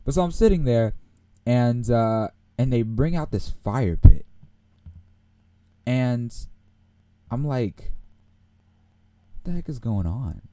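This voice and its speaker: A young man hosting a podcast, telling a rambling, animated story and laughing often. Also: mid-range voice, takes it slowly, pauses often, dry recording. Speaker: podcast host. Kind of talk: casual storytelling.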